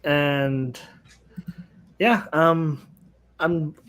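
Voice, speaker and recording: A male host in a casual chat, with a slightly high voice and a slow, easygoing delivery, laughing easily between questions. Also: fairly bright tone. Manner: laid-back, laughing easily.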